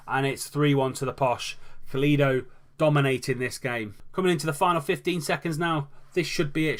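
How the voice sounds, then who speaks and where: A man's voice: fairly high pitch, fairly bright tone. Man calling a game match. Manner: calls the match like a commentator, lifting his voice at goals. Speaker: video game commentator. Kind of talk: playing a football management game while commenting on the matches.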